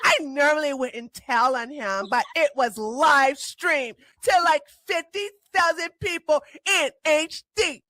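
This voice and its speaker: A woman's voice: high voice, slow, few pauses, pushed and bright, no room sound, exaggerated voice, rough recording. A woman putting on a sarcastic Valley Girl voice, playing a woman tattling on someone. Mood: mocking.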